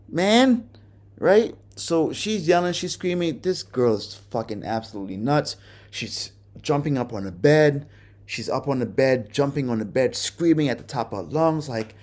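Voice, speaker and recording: A man's voice: mid-range voice, lively intonation, normal speed, darkish tone. A man hosting a podcast, telling a personal story in a candid, casual way and cursing often. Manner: candid, profane, conversational. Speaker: podcast host.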